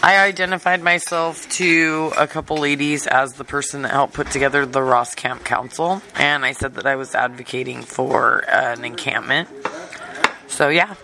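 A man's voice: mid-range voice, fairly even intonation, normal speed, gravelly, background noise. Guy rambling through a casual report, um-ing a lot, cutlery clinking in the background. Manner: loose, chatty, many fillers. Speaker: homeless encampment advocate. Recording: dish and cutlery clatter.

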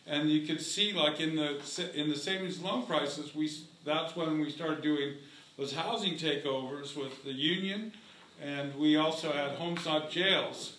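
A man with a bright, somewhat high voice explains things at a community meeting in a steady way. The echoey room carries a faint hum. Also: measured pace. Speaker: housing activist.

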